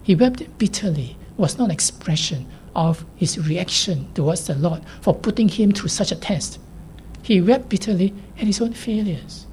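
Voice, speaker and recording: A woman preaching a sermon in a measured, emphatic way, at times sinking to a near whisper. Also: lowish voice, expressive, warm tone, slight background noise.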